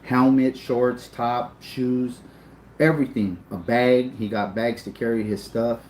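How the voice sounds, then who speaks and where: A man's voice: mid-range voice, fairly even intonation, measured pace, a little mellow, slight background noise. Emotional man telling a story, echoey room. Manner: emotional, profane, repeats himself. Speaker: storyteller recounting his son's boxing. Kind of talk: casual spoken storytelling.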